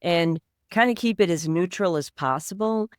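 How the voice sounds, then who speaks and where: A woman's voice: on the low side, moderate pace, dry recording, clean studio sound. A woman co-hosting a podcast, talking in a reflective, conversational and supportive way in casual chat. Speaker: podcast co-host.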